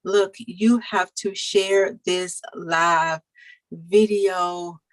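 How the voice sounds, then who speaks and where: A woman's voice: fairly low pitch, fairly even intonation, extremely slow, rough recording. A woman hosting a live video stream, exuberant and upbeat, repeating her words as she hypes up the show. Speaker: host. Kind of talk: livestream hype talk.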